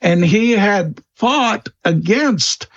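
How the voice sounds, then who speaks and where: A man answering interview questions about old folklore, slow and hesitant, with many fillers and restarts. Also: high-pitched, animated, fairly bright tone, muffled recording. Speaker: guest expert on vampire lore.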